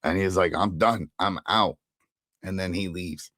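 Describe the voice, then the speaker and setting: A low-voiced man recaps a TV episode in casual chat. He keeps acting out what the characters said. The sound is dry and close, with no room around it. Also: unhurried, no echo. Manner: animated retelling, acting out characters' lines. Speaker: podcast co-host.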